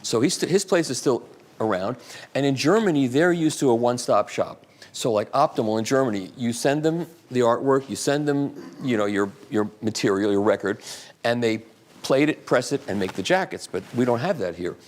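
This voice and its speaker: Rich: An older man at a live talk, medium-pitched and conversational. He answers audience questions with long, animated, rambling stories. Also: moderate pace. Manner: animated, rambling anecdotal storyteller.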